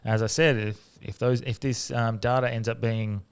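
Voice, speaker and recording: An Australian man hosting a podcast, talking casually in a halting way with many fillers and restarts. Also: mid-range voice, flat delivery, clear, resonant tone. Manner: halting, full of fillers and restarts, laughs often. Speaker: podcast host. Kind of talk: casual chat.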